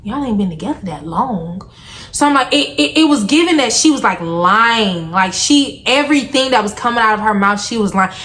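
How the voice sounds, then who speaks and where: A young adult woman vlogger casually retelling a story, animated and slangy, acting out the lines of the people in it. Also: a little high, a little fast, few pauses.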